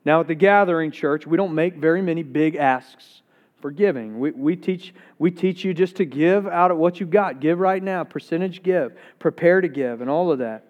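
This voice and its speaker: A male pastor preaching a sermon with energy, repeating words as he gets excited. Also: fairly high pitch, moderate pace, muffled recording.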